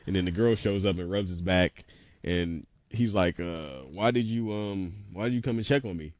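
Man, low voice, casual rambling recap, laughs a lot, dull lo-fi dry recording. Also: normal speed, a little mellow, dry recording. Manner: rambling retelling with many "he was like" quotes; laughs often. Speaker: podcast co-host. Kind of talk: casual anime episode recap.

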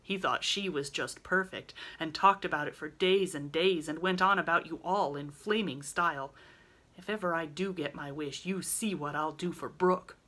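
A woman reading aloud, voicing an excitable, impatient teenage boy who talks in emphatic outbursts. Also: low-pitched, moderate pace. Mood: indignant.

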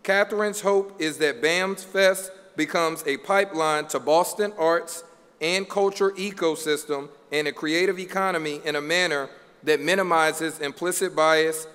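A man's voice: on the high side, fairly even intonation, a little slow, fairly bright tone, clean tone. A man reading formal award introductions at a ceremony, building each one up to applause. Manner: reads prepared biographies, building to applause. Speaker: award presenter. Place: large hall. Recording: hall with long reverb.

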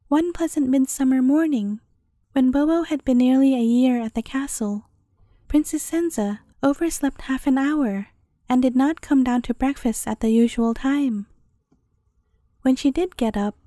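A woman telling a fairy tale as bedtime story narration, in a gentle, measured way. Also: high-pitched, no echo, studio quality.

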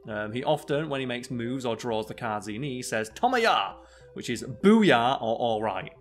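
A man's voice: medium pitch, steady tone, moderate pace, soft background music. A young man, co-host of a casual podcast, who rambles with many fillers and restarts. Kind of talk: casual chat.

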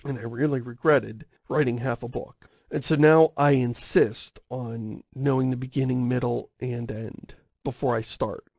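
A man's voice: medium pitch, fairly even intonation, unhurried, vocal fry, few pauses, a little mellow, no room sound. A man co-hosting a podcast in casual chat, rambling and correcting himself as he goes, often chuckling. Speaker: podcast co-host.

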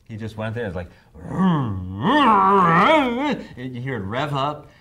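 A man's voice: mid-range voice, huge pitch swings, drawn-out words, sharp tone. A man in his fifties being interviewed, telling anecdotes and acting out quotes in raised voices, laughing often. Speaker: songwriter interviewee.

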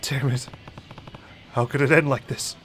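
A man doing a stoic middle-aged yakuza who speaks in short, low, deadpan lines. The voice is dropped well below his normal talk and stays flat and terse, with a faint bed of music behind it. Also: measured pace, natural voice. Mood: sullen. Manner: low, clipped, deadpan delivery.

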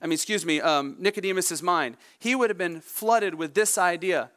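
A male pastor preaching a sermon, expressive, voicing the people in the story as he goes. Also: high voice, normal speed. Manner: expressive preaching with dramatic voiced quotes.

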